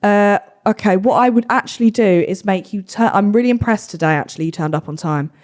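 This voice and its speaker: A woman's voice: medium pitch, a little fast, a little mellow. A woman with an English accent hosting a podcast, teasing her guest and laughing often in casual chat. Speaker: podcast host.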